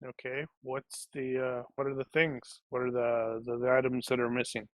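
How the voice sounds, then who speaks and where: A man playing a tabletop role-playing game, talking in a slow, deliberate, casual way. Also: mid-range voice, level tone, no echo. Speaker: player.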